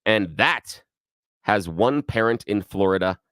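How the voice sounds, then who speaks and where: A man co-hosting a talk radio show, telling news stories in an animated, sarcastic way from a studio microphone. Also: lowish voice, measured pace, no room sound. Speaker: radio co-host.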